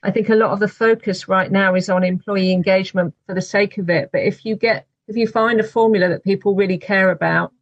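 A woman, an author, answering interview questions in a measured, thoughtful way. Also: mid-range voice, steady tone, dry recording, lo-fi sound. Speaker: author guest.

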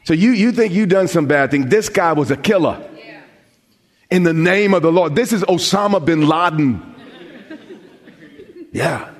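A man preaching a sermon as pastor, with dramatic pauses, rising emphasis and questions thrown out to the congregation. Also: a little high, lively intonation. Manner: call-and-response questions to the congregation.

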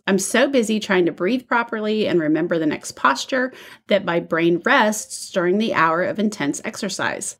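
A woman co-hosting a podcast from a room at home, chatting and reading listener letters aloud. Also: medium pitch. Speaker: podcast co-host.

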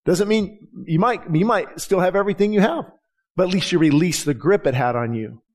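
High-voiced pastor preaching casually. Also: male voice, brisk. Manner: conversational preaching, acts out dialogue in anecdotes. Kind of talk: sermon.

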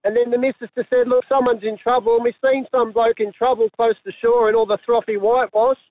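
A man's voice: very high-pitched, level tone, fast talker, no echo. A man calling in to a radio show, telling a rambling story over the phone. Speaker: caller. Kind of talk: phone-in anecdote. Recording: tinny phone line.

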